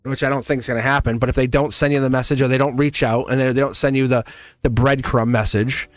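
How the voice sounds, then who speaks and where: A man's voice: mid-range voice, steady tone, fast talker, dry recording. A man giving a casual tarot reading to camera. He is chatty and reassuring, often asks "see?" and chuckles as he talks. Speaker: tarot reader.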